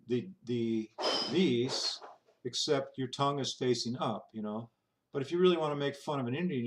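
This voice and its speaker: A man walks through pronunciation in a loose, informal lesson. He demonstrates each sound aloud and often stops to restart or fill a pause. His voice sits at an ordinary middle pitch. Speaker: teacher.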